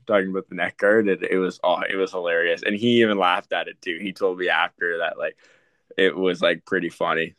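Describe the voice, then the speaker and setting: Very deep, bright-voiced young man. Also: no echo. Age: young adult. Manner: rambling with many fillers and restarts. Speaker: hockey prospect interviewee. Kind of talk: casual interview answers.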